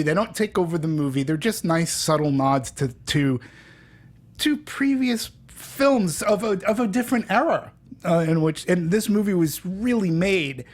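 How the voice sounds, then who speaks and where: Chatty male movie-review podcast host. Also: sits high. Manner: chatty, halting with restarts and laughs. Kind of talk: casual movie review chat.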